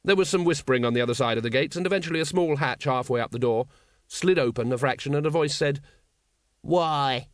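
A man reading a story aloud as an audiobook narrator, in a steady storytelling manner. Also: medium pitch, fast talker, no echo, clean studio sound. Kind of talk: scripted narration.

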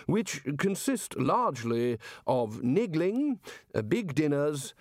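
A man's voice: on the high side, big pitch swings, slow pace, no room sound, clean studio sound, pitched above the performer's own voice. A man voicing a bluff, impatient elderly wizard who heads a university, in an audiobook. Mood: brusque. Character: blustering elderly male wizard headmaster.

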